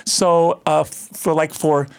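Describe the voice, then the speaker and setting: An older man with a slightly high voice chats in an interview and tells stories with animation. He breaks into brief mimicry of other people, then carries on explaining. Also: smooth. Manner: animated storyteller who mimics people in quick asides. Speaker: guest, singer and plant grower. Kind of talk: casual interview chat.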